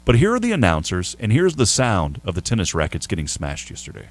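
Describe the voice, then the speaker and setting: Animated chatty male radio host. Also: on the low side, brisk, heavy background noise. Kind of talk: casual sports radio talk. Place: radio studio.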